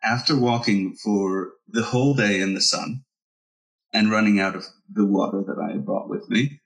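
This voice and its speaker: A man's voice: on the low side, fairly even intonation, moderate pace, far from the mic, low-quality recording. A man hosting a conversation who tells a personal story casually, hesitating with fillers.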